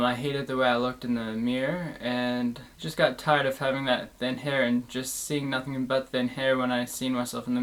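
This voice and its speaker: A man's voice: mid-range voice, a bit bright. A young man hosting his own channel, talking through his experiences in an earnest, reflective, plain-spoken way. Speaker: host. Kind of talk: candid personal monologue.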